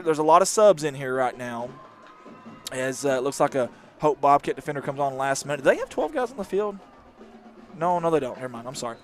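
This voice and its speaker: A man calls a live high school football game from a press box. His voice sits fairly high for a man. He talks in a folksy, joking way and breaks into excited shouting when a runner breaks free. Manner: folksy, jokey, talkative, bursts into shouting on big plays. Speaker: play-by-play commentator. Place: press box at an outdoor stadium.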